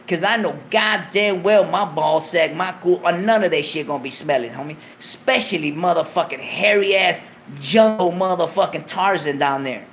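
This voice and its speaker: A man's voice: high voice, fairly bright tone, a little hiss or hum. A man hosting a show, giving a profane comic monologue in laid-back street slang, lecturing his viewers. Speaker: show host.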